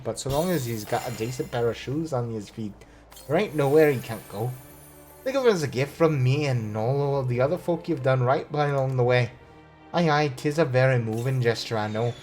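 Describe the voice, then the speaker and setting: A man doing a gruff brogue-thick tavern keeper. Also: medium pitch, a little mellow, pitched above the performer's own voice, lightly acted. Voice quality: thick put-on Glasgow-style brogue. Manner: reads game dialogue aloud with hammy flourish. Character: gruff hearty middle-aged male tavern keeper.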